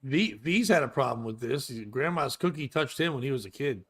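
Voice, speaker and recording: A man in his forties, a podcast host, ranting crudely and loudly in comedic chat. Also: medium pitch, a little fast, slightly rough. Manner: profane, loud, animated ranting.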